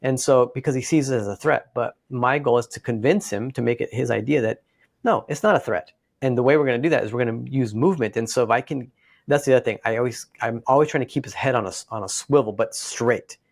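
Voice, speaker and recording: A man with a gravelly, fry-edged voice chats casually on a podcast, telling dog training stories and acting out the owners and dogs. He sounds a little congested. The sound is dry and close, with no room echo. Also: medium pitch, fast talker. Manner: storytelling, acts out dogs and owners. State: slightly congested.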